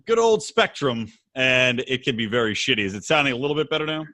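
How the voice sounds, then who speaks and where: A man chatting casually as a podcast guest over an internet call, relaxed and swearing freely. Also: medium pitch, fast, dry recording. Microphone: internet call audio.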